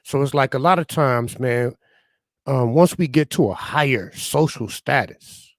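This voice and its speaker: This man, on a talk radio panel, delivers heated political opinions into a studio mic, leaning often on "you know" and "man." He has a medium-pitched voice and an unhurried delivery, recorded with no room sound.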